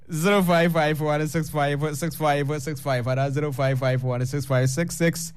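A man's voice: a little high, steady tone, measured pace, clean tone. A man hosting a radio call-in show, reading out the phone number and taking callers. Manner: reads out the phone number, takes calls. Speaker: radio host.

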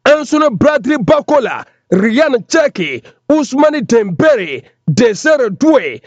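Man, sports news presenter, reels off player names, high voice, dull lo-fi sound. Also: sing-song, takes it slowly, no room sound. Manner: rattles off player names in lists. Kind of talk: radio sports news reading.

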